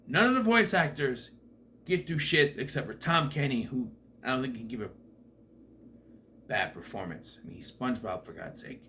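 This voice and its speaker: A man's voice: medium pitch, pushed and bright, slight background noise. A man giving a casual movie review in a sarcastic, profane, exasperated way.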